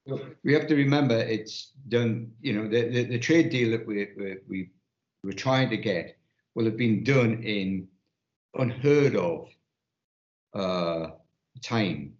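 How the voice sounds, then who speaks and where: A man's voice: on the low side, a little mellow. Rambling man in a roomy, muffled room. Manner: rambling, halting, many restarts. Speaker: panel guest. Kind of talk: live casual panel chat. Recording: dull, roomy lo-fi sound.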